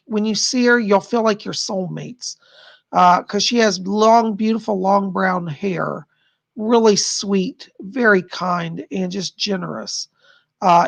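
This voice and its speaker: A man's voice: high voice, gravelly, a bit bright. A man hosting a live stream of psychic readings, chatty and rambling, who keeps repeating what the spirits say. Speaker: psychic livestream host.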